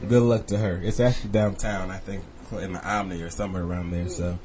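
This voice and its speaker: A man's voice: low-pitched, flat delivery, fast, darkish tone. A male host of a music talk show, reading birthdays and teasing his co-host. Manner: easygoing, teasing. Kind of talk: casual radio show banter.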